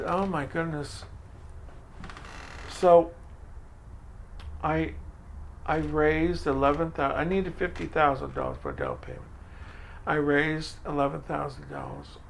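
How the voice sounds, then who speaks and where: Older man, interview storyteller, gravelly, acts out conversations, slight background hiss. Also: on the high side. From Franco-American, from Maine. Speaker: food pantry director. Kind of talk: oral history interview.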